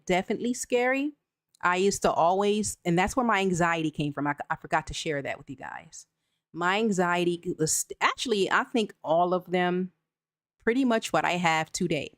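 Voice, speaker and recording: Candid woman host, lowish dry voice. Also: dry recording. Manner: candid, talks straight to viewers with "y'all". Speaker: channel host. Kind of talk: live chat reading viewer comments.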